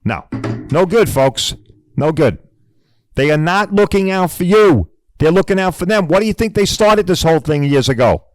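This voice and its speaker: A man's voice: high voice, animated, brisk, dry recording, faint music behind, rough recording. A middle-aged man hosting a podcast, ranting bluntly and profanely and hammering his points home with repeated "all right?"s. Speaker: podcast host.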